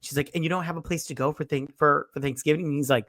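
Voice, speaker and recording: A man co-hosting a movie review podcast, retelling scenes in an animated way, jumping into character voices and swearing freely. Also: on the high side, fast talker, no room sound, clean studio sound. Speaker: podcast co-host. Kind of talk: casual movie review chat.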